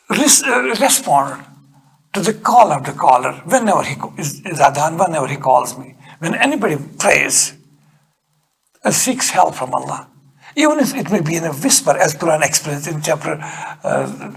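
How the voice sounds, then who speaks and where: An older man with a Kashmiri accent lectures on scripture in an earnest, teacherly way. His voice is gravelly and very husky. His pitch moves in wide, lively swings as he stresses points and softens for prayers. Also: a little slow, long pauses. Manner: earnest, rises sharply on emphasis, drops low for prayers. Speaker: Quran teacher. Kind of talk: religious lecture.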